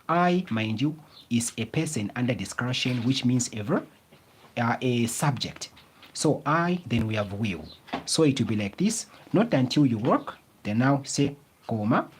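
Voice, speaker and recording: A man's voice: mid-range voice, darkish tone, slightly rough. A male tutor teaching a grammar lesson, repeating key phrases and prompting the class with fill-in questions. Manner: slow, emphatic explaining.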